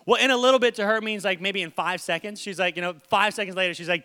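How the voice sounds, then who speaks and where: A young man preaching a sermon, acting out stories with sudden shouts and repeated words. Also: high-pitched, fast, few pauses, smooth. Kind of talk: animated sermon storytelling.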